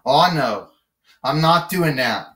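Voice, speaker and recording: Boastful wrestler guy, voiced by a man, slow and indignant, far from an echoey mic. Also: fairly high pitch, expressive, bright, forceful tone, heavily acted. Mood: refusing. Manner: bragging, indignant. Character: boastful, whiny male wrestler.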